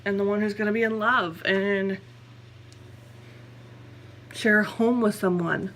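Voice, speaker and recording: A woman's voice: medium pitch, fairly even intonation, measured pace, a bit bright. A young woman talks candidly in a personal vlog. She rambles and corrects herself. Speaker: vlogger.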